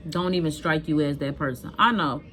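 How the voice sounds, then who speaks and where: Mother on camera, low-pitched, scolding and emphatic, talks straight to viewers. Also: fairly quick, a little hiss or hum. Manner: animated, emphatic, addresses viewers directly; blunt and scolding. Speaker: vlogger telling a personal story. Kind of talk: casual storytelling to viewers.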